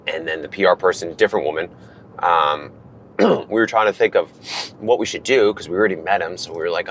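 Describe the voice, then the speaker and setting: A man telling a story in casual conversation, animated and acting out what people said. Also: low voice, fairly quick, a little hiss or hum. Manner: animated, acts out quoted dialogue. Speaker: reality TV guest.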